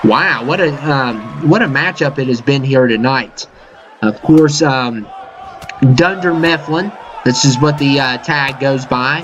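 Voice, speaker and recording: A man doing casual, excitable play-by-play commentary over a wrestling video game, full of fillers and "uh-oh" exclamations. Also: medium pitch, unhurried, over music. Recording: dull lo-fi mic with game crowd and noise behind. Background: video game arena crowd noise.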